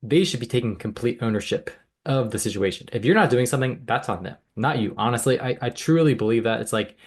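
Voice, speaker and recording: A man's voice: medium pitch, expressive, fast talker, breathy edge. A man who works as a health care provider, co-hosting a podcast in casual chat, earnest and emphatic. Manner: earnest, emphatic, with frequent restarts.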